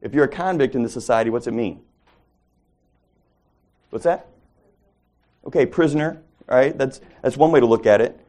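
A man's voice: medium pitch, moderate pace, pauses often, warm tone. A man leading a casual Bible study, teaching conversationally, asking the group questions and correcting himself as he goes.

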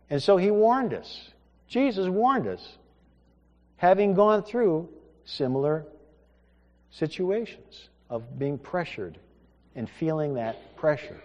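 Preaching man in an echoing hall. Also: high-pitched. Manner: storytelling with rhetorical questions, swinging from hushed to emphatic. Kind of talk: sermon. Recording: echoey hall with long reverb.

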